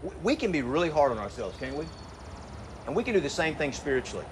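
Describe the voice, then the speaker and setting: Middle-aged pastor preaching conversationally. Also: male voice, on the high side, very animated, fast talker, noisy background. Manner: conversational preaching with rhetorical questions. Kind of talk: sermon to graduating seniors.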